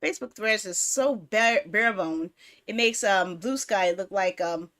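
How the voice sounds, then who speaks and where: A woman streamer in casual live-stream chat, rambling and talking to herself as she fiddles with apps, quick to get exasperated and swear. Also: medium pitch, fairly bright tone.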